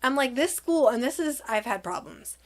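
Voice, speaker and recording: Young woman, high voice, exasperated storytime vlogger who acts out the quotes. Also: normal speed. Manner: animated, exasperated retelling with quoted dialogue. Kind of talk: casual storytime vlog.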